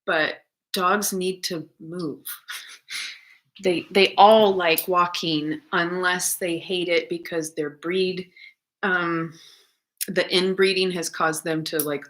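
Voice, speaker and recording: A woman's voice: lowish voice, bright, forceful tone. A woman who works with dogs, thinking aloud in a casual, rambling monologue, swearing freely and laughing often.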